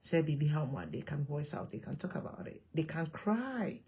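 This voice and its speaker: A woman with a Ghanaian accent talking to camera in an animated, emphatic way, switching between Twi and English. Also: low voice, normal speed, slight background noise. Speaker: vlogger. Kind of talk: casual monologue to camera.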